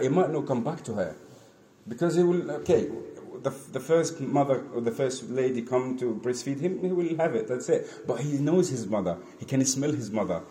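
A man's voice: medium pitch, dark tone, a little hiss or hum. Man telling a scripture story in an echoey room. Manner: asks the listeners questions, acts out quotes. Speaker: teacher. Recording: echoey room with faint ambience.

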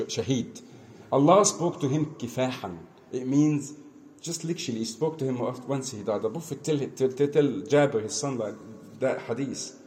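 A man preaching an earnest lesson, repeating phrases and swinging between soft asides and emphatic calls. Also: medium pitch, slight background noise. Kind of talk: mosque lesson, storytelling sermon.

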